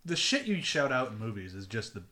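A man's voice: medium pitch, very animated, fairly quick, bright, forceful tone. A man hosting a podcast in casual chat, playful and teasing. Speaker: podcast host.

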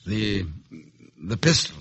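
Stammering Irish army captain, slow, husky, lively lilt, old radio play. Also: male voice, on the low side, full character voice. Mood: hesitant. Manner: hesitant, stammering, sly. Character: bumbling Irish dragoon captain posing as deserter. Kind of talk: 1950s radio drama acting.

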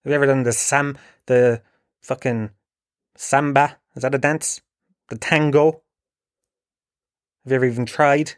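A man's voice: mid-range voice, steady tone, a little slow, long pauses, clean tone, no room sound. Irish guy ranting and swearing a lot, sarcastic, rambly, dry close sound. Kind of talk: ranting comedic monologue.

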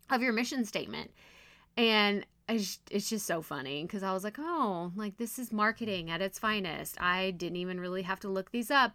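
A woman hosting her own podcast, teaching in a chatty, animated, self-deprecating way, with her voice strained and going hoarse. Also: mid-range voice, no room sound, studio quality. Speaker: podcast host and coach. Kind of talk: casual solo podcast teaching.

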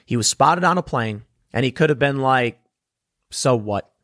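A man's voice: mid-range voice, normal speed, fairly bright tone, no echo, clean studio sound. A young adult man delivering a blunt, sarcastic solo commentary segment, scornful and ranting. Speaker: political commentator.

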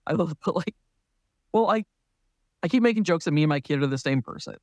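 A man with a slightly high voice, speaking as a podcast guest and telling a long story in a loose, casual way. He laughs often and keeps things light. The sound is dry and close, with no room around it. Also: expressive, brisk, a little mellow, dry recording. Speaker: parent.

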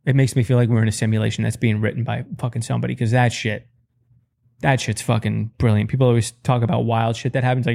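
A man's voice: medium pitch, fast talker, creaky. A man in his thirties doing a stand-up comedy set, telling rambling, profane stories and jumping his voice up to act out quotes. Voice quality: profane, rambling storytelling with animated voice jumps.

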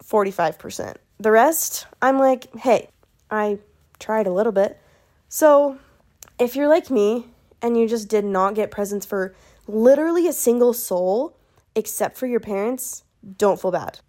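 A woman's voice: on the high side, animated, measured pace, mellow. A bubbly young woman hosts her own podcast, chatting alone to her listeners. Her talk is casual and self-mocking, and she jokes at her own expense as she goes. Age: young adult. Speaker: podcast host. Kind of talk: casual solo podcast chat.

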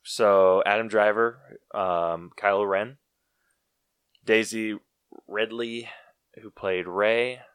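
Casual podcast co-host, man, lowish voice, blunt and quick to laugh, dry booth sound. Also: steady tone, a bit bright, clean tone, no room sound. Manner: laughs often, blunt opinions. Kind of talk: casual movie review chat.

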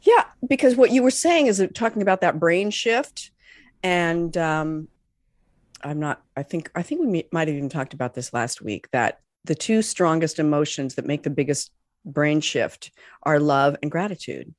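A woman chatting casually as a co-host, reflective and quick to poke fun at herself. Her voice is somewhat low and moves freely through its range. The recording is close and dry. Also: animated, no echo. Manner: reflective, self-mocking, laughs often. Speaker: podcast co-host. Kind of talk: casual chat.

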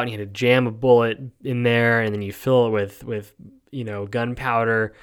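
Podcast host, young man, smooth clear voice, rambling sarcastic delivery. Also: medium pitch, little pitch movement, moderate pace, fairly bright tone. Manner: rambling, sarcastic, lots of ums. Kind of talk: casual solo podcast commentary.

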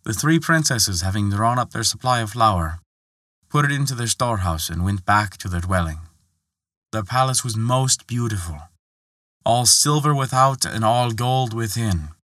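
A man tells an old folktale in a bright, forceful voice, pitched on the low side. The sound is close and dry, with no room around it. He reads with expression and lets the story carry him along. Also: moderate pace, no room sound. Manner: expressive, lifts pitch for quoted characters. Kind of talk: scripted folktale narration.

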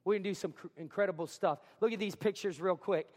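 A male pastor with a high voice preaching to his congregation in a school cafeteria. He talks with energy and stresses key lines, often saying them twice. The sound carries a long reverb, as in a large hall. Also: quick pace. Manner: energetic, emphatic, repeats lines for effect. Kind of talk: sermon. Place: school cafeteria or gym used as a church.

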